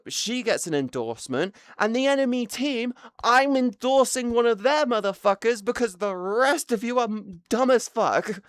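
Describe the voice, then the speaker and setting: A man's voice: on the high side, clear, resonant tone, dry recording. A British man streaming live, ranting with a lot of swearing in a casual, exasperated way. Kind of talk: casual livestream rant.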